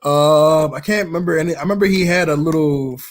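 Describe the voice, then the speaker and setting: A man talks casually about films in a loose, rambling way, laughing to himself as he retells his favourite scenes. His voice sits a little high for a man. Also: a little fast. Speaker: vlogger. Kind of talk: casual movie commentary.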